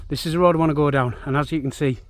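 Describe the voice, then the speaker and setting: A man's voice: fairly high pitch, steady tone, racing. Breathless man vlogging outdoors. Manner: chatty, talking while walking and running. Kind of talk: casual outdoor vlog narration. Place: outdoors on open moorland. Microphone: handheld camera.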